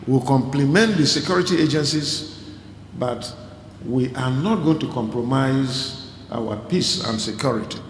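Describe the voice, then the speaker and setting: A man speaking as a state governor, giving a firm, deliberate public address. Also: mid-range voice, a little hiss or hum. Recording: echoey hall clip with faint ambience.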